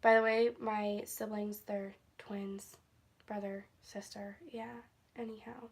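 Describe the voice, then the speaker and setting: A woman's voice: medium pitch, flat delivery, takes it slowly, breathy edge. A young woman telling a story in a casual vlog on her phone at home, rambling, easily sidetracked and laughing often. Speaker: vlogger. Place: at home, indoors.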